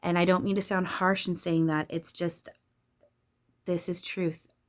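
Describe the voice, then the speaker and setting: A woman's voice: on the low side, little pitch movement, a little slow. A woman channeler talking casually and candidly about spirituality, swearing freely and laughing often.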